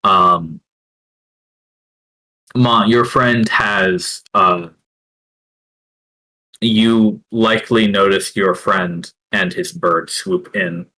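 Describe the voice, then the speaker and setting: A man narrating as game master of a tabletop game, hesitant and full of filler pauses. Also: sits low, bright, forceful tone, low-quality recording.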